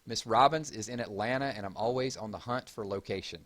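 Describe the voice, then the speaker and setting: Male livestream host, Southern drawl, a bit low-pitched, casual and talkative with chat. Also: a little fast. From Georgia, US. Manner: chatty, reads chat aloud and gives shout-outs.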